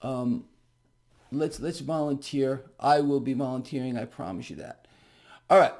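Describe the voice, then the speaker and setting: A middle-aged man doing a casual market commentary vlog to camera, sarcastic and animated, mocking officials with sudden outbursts. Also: medium pitch, unhurried.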